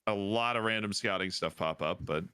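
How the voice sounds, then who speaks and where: A man's voice: lowish voice, normal speed, sharp tone, smooth, dry recording, studio quality. A man bantering with friends on a voice call during a group game, firing off teasing comebacks. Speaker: player in an online group game.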